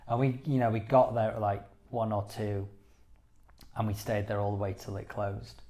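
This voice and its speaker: Low mellow man chatting. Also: fairly even intonation, moderate pace. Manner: rambling, many "you know"s, enthusiastic. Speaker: podcast co-host. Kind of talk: casual chat.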